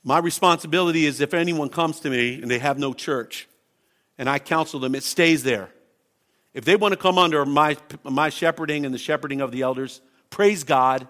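Male pastor, passionate sermon delivery, bright tense tone, a bit higher than most men. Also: normal speed. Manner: impassioned, emphatic preaching.

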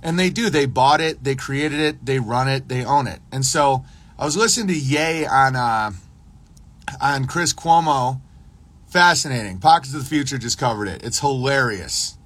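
A man's voice: medium pitch, moderate pace, a bit bright. A man hosting a casual livestream, talking in a rambling monologue full of restarts and acted-out dialogue. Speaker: podcast host.

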